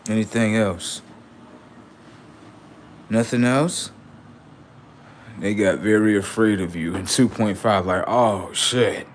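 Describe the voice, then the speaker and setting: Low-voiced man rambling on a livestream. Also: slow pace, long pauses, a little hiss or hum. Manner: rambling, murmured asides to viewers, slangy. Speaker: livestream host. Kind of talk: casual livestream monologue.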